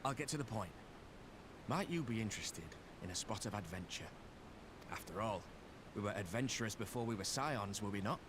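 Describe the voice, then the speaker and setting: A man's voice: fairly low pitch, lively intonation, fairly quick, background noise, close to an everyday voice. A man with an English accent voicing a courteous young adventurer in a video game, polite and coaxing.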